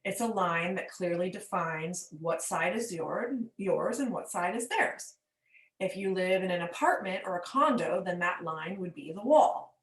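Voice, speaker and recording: A woman coach teaching patiently with everyday examples, checking in with the listener as she explains. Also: fairly low pitch. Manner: checks in with "okay?". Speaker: forgiveness coach. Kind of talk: teaching monologue. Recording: roomy echo.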